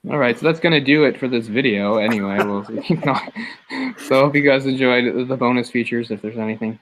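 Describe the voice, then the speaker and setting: A man's voice: medium pitch, fairly quick, a bit bright, slight background noise, poor audio. A young man hosting a casual movie commentary, rambling and laughing as he tells stories. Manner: rambling, laughs between words. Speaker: commentary host.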